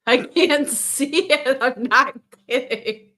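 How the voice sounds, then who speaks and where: A woman's voice: sits high, takes it slowly, sharp tone. A woman co-hosting a live stream, laid back, laughing easily and giving short replies. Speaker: co-host. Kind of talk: casual chat on a live stream.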